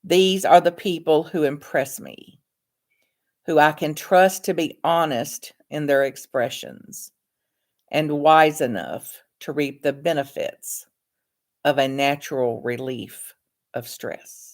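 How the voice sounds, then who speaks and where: Slow, low-voiced woman reading calmly. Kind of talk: reading aloud from her own book.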